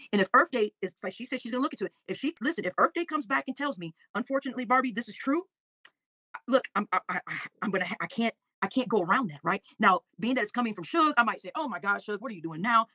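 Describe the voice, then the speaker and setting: A woman hosting a casual livestream, reading out viewer comments and talking with emotion, often halting and repeating her words. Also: mid-range voice, animated, bright, forceful tone, dry recording. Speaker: livestream host.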